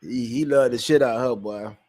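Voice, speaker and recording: This man talks in a loose, slangy ramble, circling back and repeating himself as he reacts. His voice sits at an ordinary middle pitch. It comes through a close, dry mic with no room sound. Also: fairly quick, a little mellow, no room sound. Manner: loose, repetitive, slangy and profane. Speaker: online commentary host. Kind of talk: casual livestream commentary. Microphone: streaming setup mic.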